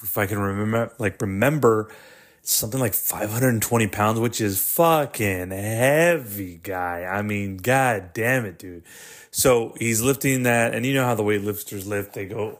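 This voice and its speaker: A man hosting a casual solo podcast, rambling and swearing with lots of fillers and restarts. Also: fairly low pitch. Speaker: podcast host.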